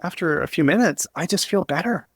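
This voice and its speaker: A man speaking as a podcast guest, earnest and emotional, halting with many restarts and fillers. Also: a little high, lively intonation, fairly bright tone, dry recording, studio quality. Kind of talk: candid interview talk.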